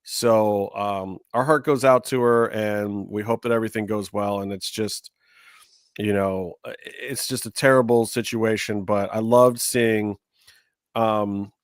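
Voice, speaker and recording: A man hosting a casual wrestling podcast, talking loosely and breaking into high, excited exclamations. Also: no room sound, clean studio sound. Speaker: podcast host.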